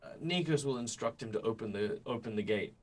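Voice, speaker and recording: A man's voice: medium pitch, expressive, a little fast, rough recording. A man playing a tabletop game, rambling and correcting himself as he explains his moves. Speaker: player.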